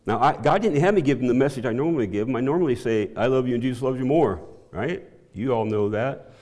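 In a big-room sound, a middle-aged man shares his testimony with the church, stumbling through restarts and laughing often. When he gets excited, his voice rises in pitch and volume.

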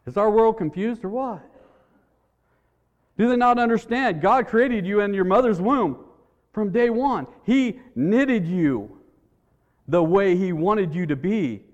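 A man's voice: high-pitched, expressive, takes it slowly, pauses often, long reverb tail, lo-fi sound. A man preaching a sermon in a church, in an earnest, conversational way, repeating his words as he tells a story.

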